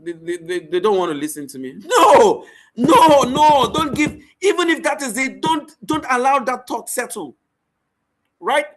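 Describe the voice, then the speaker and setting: A man with a high-pitched voice delivers a motivational leadership talk as a facilitator. He speaks emphatically and restates his main points. He keeps checking that listeners follow him. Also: a bit bright. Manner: emphatic, repeats key lines and checks in with "right?".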